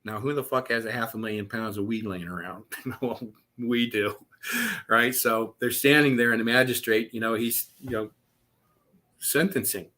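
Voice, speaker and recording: Casting: bright, punchy male raconteur, swears freely, laughs through his stories. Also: mid-range voice, normal speed. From Southwest Florida. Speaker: podcast guest, author. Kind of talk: storytelling interview.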